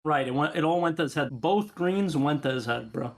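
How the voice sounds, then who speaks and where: Animated young man joking with a friend. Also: fairly quick. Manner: animated, jokey, pitch jumps up for bits. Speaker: co-host ranking game characters. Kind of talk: casual banter.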